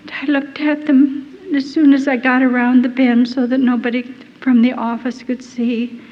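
A woman giving a personal testimony, telling her story in an earnest, halting and deeply moved way. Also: flat delivery. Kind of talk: emotional first-person storytelling. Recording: dull lo-fi recording in a reverberant hall.

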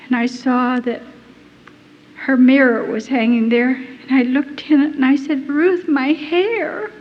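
A woman giving a personal testimony, telling her story in an earnest, halting and deeply moved way. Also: fairly even intonation. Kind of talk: emotional first-person storytelling. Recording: dull lo-fi recording in a reverberant hall.

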